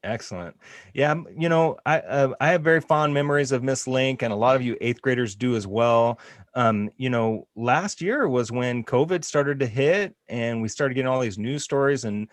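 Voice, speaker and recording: Upbeat and joking, this man is a school counselor running a school podcast, chatting casually with guests and speaking to students. He has a medium pitch and normal speed on a dry recording.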